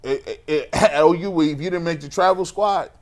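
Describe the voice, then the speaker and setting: A man co-hosting a sports talk show, telling animated, slangy stories with laughing asides. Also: fairly high pitch, normal speed. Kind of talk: casual sports banter.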